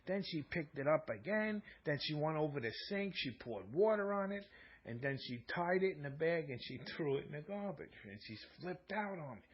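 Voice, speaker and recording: Husky man rambling through a story. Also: fairly high pitch, expressive, moderate pace, dull audio. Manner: rambling, repetitive, acts out both sides of quarrels. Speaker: live-stream talk host. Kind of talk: casual storytelling monologue.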